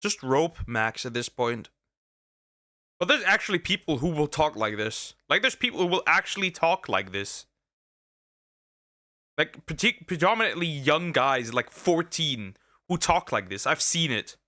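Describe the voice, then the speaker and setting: A young man reacts to a video, joking, rambling and heavy on internet slang. His voice is bright and sits a bit high for a man. The sound is dry and close, with no room around it. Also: sing-song, moderate pace, no echo. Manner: rambling, jokey, full of slang and restarts. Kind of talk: casual reaction commentary.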